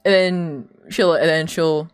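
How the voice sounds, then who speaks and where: A deep, smooth female voice, steady in tone and slow in pace, over soft background music. The young streamer chats casually on her live stream, drifting through stories with frequent laughter and lots of filler words.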